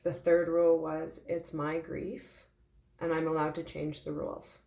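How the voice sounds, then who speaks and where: A tearful woman speaks in a heartfelt, halting way in a personal confessional vlog. Her voice sits low and has a gravelly edge. The recording sounds roomy and echoey. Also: completely flat delivery, mellow. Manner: heartfelt, halting, with frequent fillers. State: tearful, emotional. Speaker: intuitive medium sharing her grief.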